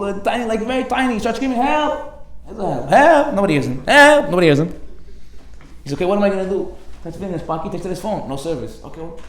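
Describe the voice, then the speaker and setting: A man preaching as a rabbi in a lively storytelling style, bringing each character of his parables to life. His voice sits a little high, and he laughs often between lines. The sermon is caught in a room with a noticeable echo.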